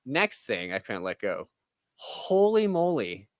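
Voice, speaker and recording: A man's voice: medium pitch, huge pitch swings, takes it slowly, no echo. Male co-host, medium voice, dry close sound, exasperated ranting style. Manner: ranting, exasperated, mocks with quoted asides. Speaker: podcast co-host. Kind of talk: casual spoiler chat.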